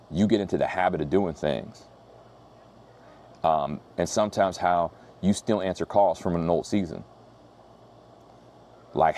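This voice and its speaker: A man preaching in a relaxed, slang-heavy, storytelling way, getting lively when he retells conversations. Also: low voice. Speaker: pastor. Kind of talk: casual sermon storytelling.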